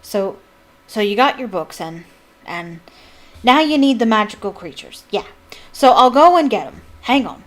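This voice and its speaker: A woman voicing a huge, gruff but kindly male gamekeeper who talks in rustic country speech. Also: medium pitch, lively intonation, a little slow, lightly acted. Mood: eager.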